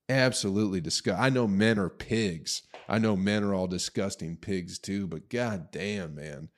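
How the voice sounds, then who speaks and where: A man's voice: sits low, a little mellow. A man hosting a podcast, delivering a crude, profane, scornful rant in a casual comedic style. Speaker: podcast host.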